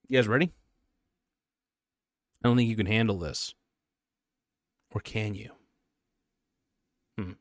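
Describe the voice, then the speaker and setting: A man's voice: fairly low pitch, expressive, takes it slowly, pauses often, no room sound, studio quality. A young man hosting his own podcast, chatting casually in a rambling, jokey, self-mocking way. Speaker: podcast host. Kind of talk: casual solo podcast chat.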